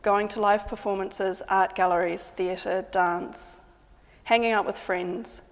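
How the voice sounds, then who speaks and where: A woman composer and sound artist narrating in a calm, measured, matter-of-fact way. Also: medium pitch, big-room sound. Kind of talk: reflective spoken narration.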